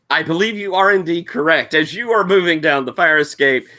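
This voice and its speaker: A man running a tabletop game, recapping the session as an animated storyteller who acts out quotes and sound effects. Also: a little high, normal speed. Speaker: game master.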